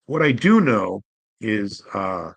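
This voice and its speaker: A man's voice: fairly low pitch, very animated, takes it slowly, gravelly, husky, no room sound, poor audio. A man hosting his own show in a casual solo monologue, rambling and candid, poking fun at himself and swearing casually. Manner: rambling, candid and self-deprecating, full of "you know". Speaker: host.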